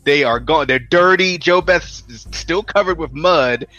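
A man co-hosting a casual movie podcast, animated, acting out scenes and laughing often. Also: fairly high pitch, measured pace, muffled recording. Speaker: podcast co-host. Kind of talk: casual review chat.

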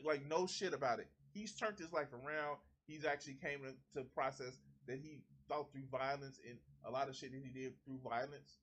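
High bright profane ranting man. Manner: profane, heated ranting with mocking impressions. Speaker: commentary streamer. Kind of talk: angry reaction commentary.

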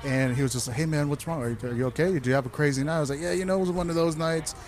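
A man's voice: on the high side, rapid-fire, a little hiss or hum. Profane storytelling man, casual chat. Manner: loose, profane, animated anecdotes.

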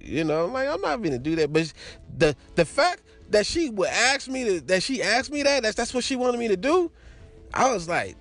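A man spins a crude personal anecdote in loose, casual talk, chuckling often and circling back over his words. His voice sits a little high and swings widely up and down as he tells it. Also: very animated, moderate pace, a bit bright, soft background music. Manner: crude, laughing, rambling with many restarts. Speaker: storyteller.

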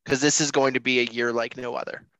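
A man's voice: mid-range voice, flat delivery, fast, sharp tone, no room sound, poor audio. A man co-hosting a football talk show, earnest and emphatic in his views. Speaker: sports podcast co-host. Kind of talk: casual sports talk.

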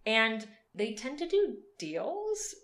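A woman's voice: on the high side, very animated, slow pace, fairly bright tone. A woman co-hosting a podcast in casual chat, talkative and laughing often, swearing freely. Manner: chatty, laughing, frequent swearing. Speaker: podcast co-host. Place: New York.

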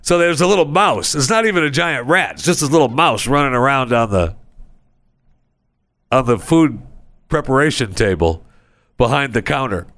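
A man's voice: animated, normal speed, long pauses, a bit bright. Rambling sarcastic male podcast host. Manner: rambling, sarcastic, acts out people in high voices. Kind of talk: casual comedic monologue. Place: recording studio.

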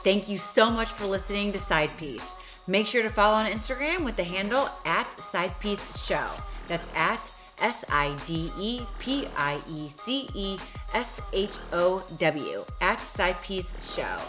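A woman's voice: medium pitch, big pitch swings. Woman reading an outro over music. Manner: clear, measured, spelling out letters. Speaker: show announcer. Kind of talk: scripted outro.

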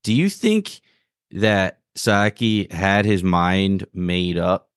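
A man's voice: sits low, expressive, slow, clean tone, dry recording, clean studio sound. A man co-hosting a casual talk show about a TV series, rambling and jokey with lots of filler words. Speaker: podcast co-host. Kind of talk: casual chat.

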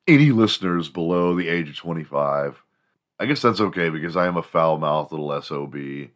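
A man's voice: sits low, fairly bright tone. A man from Houston hosting a podcast, talking in a crude, joking, rambling solo monologue. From Houston, Texas. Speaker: podcast host.

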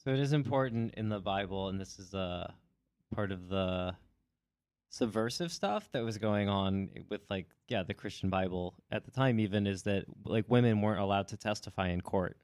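A man casually retelling a story in a rambling, animated way, slipping into quick voiced asides. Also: fairly low pitch, clean tone, no echo, clean studio sound.

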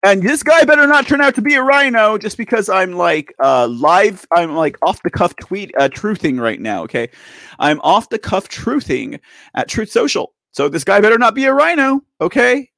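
Brief: forties male host, sarcastic off-the-cuff commentary, high lively voice, dry close sound. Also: moderate pace, gravelly, dry recording. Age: 40s. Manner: animated, sarcastic, laughing asides and rhetorical questions. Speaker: host of a political commentary show.

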